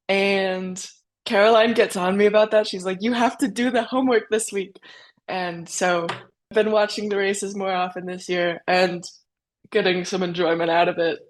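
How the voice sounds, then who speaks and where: A young woman racer answering interview questions in a chatty, casual way, full of "like" and "kind of". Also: mid-range voice. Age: young adult. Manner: chatty, many "like" and "kind of" fillers. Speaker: cyclocross racer guest.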